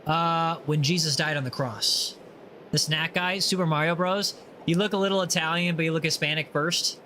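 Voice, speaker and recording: A man hosting a relaxed gaming livestream, chatting casually and teasing viewers as he reads their messages aloud. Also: on the high side, normal speed, a little hiss or hum. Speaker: livestream host. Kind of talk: casual chat while gaming.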